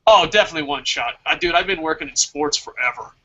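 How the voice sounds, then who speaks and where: Man, host, casual chat, rambling, profane, laughs often, high voice. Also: animated, fast, sharp tone, lo-fi sound, slight background noise. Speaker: wrestling show host.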